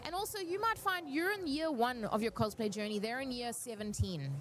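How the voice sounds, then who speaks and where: A woman speaking on a cosplay panel, giving earnest, encouraging advice and telling stories in an animated way. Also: a little high, a little fast.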